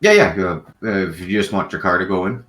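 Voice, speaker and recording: A man's voice: low voice, animated, quick pace, fairly bright tone, soft background music. A man narrating as game master, rambling with frequent ums and uhs.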